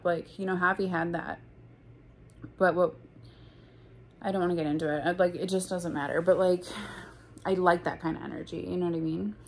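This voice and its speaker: A woman's voice: fairly low pitch, a little hiss or hum. A young woman in a casual storytime vlog, talking bluntly and profanely with lots of "like". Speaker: vlogger.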